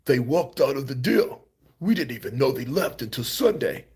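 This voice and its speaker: A man's voice: medium pitch, sing-song, normal speed, a little mellow, slightly rough, pitched above the performer's own voice, full character voice. A man putting on a shaky Cockney voice as a defensive older male boxing promoter.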